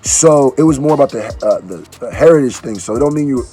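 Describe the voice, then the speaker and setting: A man talks through a reaction video in a loose, slangy way, often stopping to restart a thought. He sounds a bit groggy from allergy medicine, with a middling pitch, and some faint music plays under him. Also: animated, fast talker, warm tone. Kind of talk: casual reaction video chat.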